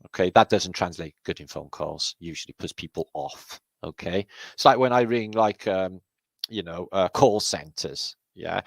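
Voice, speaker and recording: A man's voice: low-pitched, sing-song, normal speed, vocal fry, fairly bright tone, dry recording. A man with a Welsh accent hosting a casual livestream, greeting viewers by name with jokey, sweary banter. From Wales. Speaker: livestream host.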